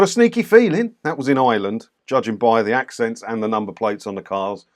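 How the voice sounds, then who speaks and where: Blunt man with a lively voice. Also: on the low side, a little fast, few pauses. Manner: blunt and mocking. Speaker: YouTube commentator reviewing clips. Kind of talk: casual commentary.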